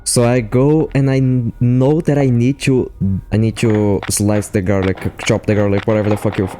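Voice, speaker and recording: A young man commentating a horror fan game, laughing often, swearing and reacting excitedly between explanations. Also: medium pitch, moderate pace, a little hiss or hum. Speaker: gaming YouTuber. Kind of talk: game commentary mixing live play and scripted explanation.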